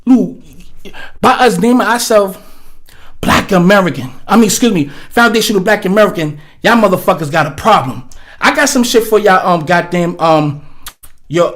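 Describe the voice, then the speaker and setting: Male stream host, high voice, profane rambling rant, webcam mic. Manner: blunt, profane, rambling with many fillers. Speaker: livestream host. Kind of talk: profane ranting commentary. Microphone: webcam setup.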